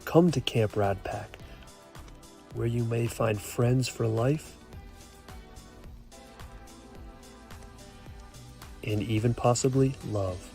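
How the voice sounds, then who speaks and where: A man putting on a sultry, soft camp promo voice, whispered role-play. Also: steady tone, soft background music. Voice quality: soft, seductive. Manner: slow, smooth sales pitch. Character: sultry adult male camp promo announcer.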